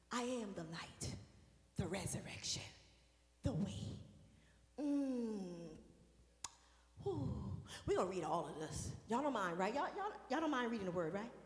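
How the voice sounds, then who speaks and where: A woman preacher giving a sermon, chatting and joking with the congregation, then building into sung, shouted passages. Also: medium pitch. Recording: echoey hall with music behind.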